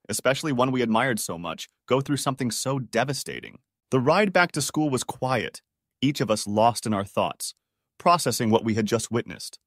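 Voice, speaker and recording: A man reading a story aloud as a scripted narrator, with an even-paced, dramatic telling. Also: mid-range voice, dry recording, clean studio sound.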